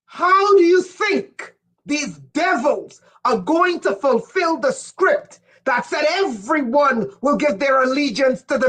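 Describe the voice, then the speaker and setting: High-pitched woman ranting on a livestream, slow and emphatic, yells now and then. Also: low-quality recording. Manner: intense, emphatic, swears, bursts into shouting. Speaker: livestream speaker. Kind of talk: impassioned livestream monologue.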